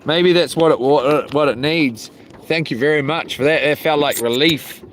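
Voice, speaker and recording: Streaming live from the water's edge, this fishing vlogger keeps things casual and slangy, laughing at his own jokes. He talks at a normal speed in a fairly high voice, with a little hiss or hum on the recording.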